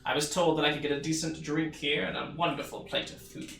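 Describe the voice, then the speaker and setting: A man's voice: a little high, level tone, quick pace, gravelly, a bit bright. A man voicing a prim, lavishly dressed male gnome reporter, fussy and haughty, in a tabletop game. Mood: impatient. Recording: roomy, distant mic with music behind.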